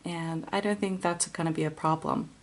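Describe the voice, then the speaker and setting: Woman tarot reader, lowish creaky voice, gentle, hesitant delivery. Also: fairly even intonation, moderate pace. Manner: gentle, musing, many fillers and restarts. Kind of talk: intuitive tarot reading to camera.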